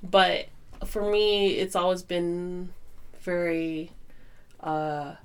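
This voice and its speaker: A woman on a casual podcast speaks slowly in a slightly low voice. She hedges and stops and restarts as she works out her point. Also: steady tone, smooth. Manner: hesitant, hedging, halting phrasing. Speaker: podcast co-host. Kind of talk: casual chat.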